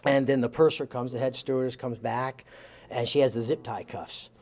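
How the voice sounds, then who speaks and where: A man telling a long anecdote in an interview. He acts out the quoted lines with lively changes of voice and chuckles as he goes. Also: mid-range voice, normal speed. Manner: chuckles while telling the story. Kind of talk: animated storytelling.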